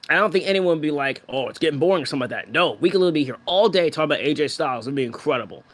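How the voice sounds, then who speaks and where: A young man co-hosting a casual podcast, rambling excitedly as a fan with lots of fillers. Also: fairly high pitch, very fast. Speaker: podcast co-host.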